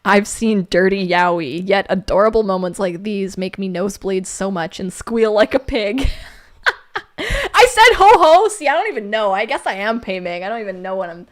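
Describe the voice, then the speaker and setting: A woman co-hosting a livestream, reading viewer comments aloud in casual chat. She laughs often and jumps to squeaky exclamations. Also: a little fast, hardly any pauses. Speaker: livestream co-host.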